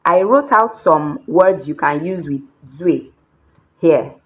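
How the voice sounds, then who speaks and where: Slow, patient woman teaching Chinese. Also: low-pitched, lively intonation, low-quality recording. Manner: patient, step-by-step explaining with repetition. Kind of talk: language lesson.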